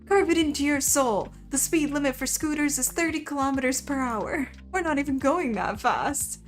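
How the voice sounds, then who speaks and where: A woman's voice: high-pitched, normal speed, faint music behind, pitched above the performer's own voice, lightly acted. A woman voicing a stern older female sparrow who rides a scooter, with a put-on Southern US drawl. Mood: gruff.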